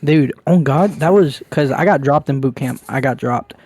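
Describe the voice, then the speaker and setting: A man's voice: medium pitch, moderate pace, darkish tone, breathy edge, no room sound. Crude rambling young man, dry mic. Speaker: podcast co-host. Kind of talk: casual chat.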